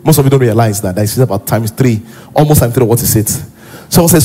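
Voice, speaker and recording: A male pastor with a Nigerian accent preaching a sermon emphatically, rising into shouts and sing-song. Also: medium pitch, animated, quick pace.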